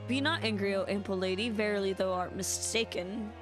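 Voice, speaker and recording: Girl doing a fancy old-timey gentleman, all thee and thou, super theatrical, music behind. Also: medium pitch, steady tone, a little fast, close to an everyday voice. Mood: pompous. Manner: theatrical, archaic phrasing. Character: pompous old-fashioned gentleman speaking in archaic verse.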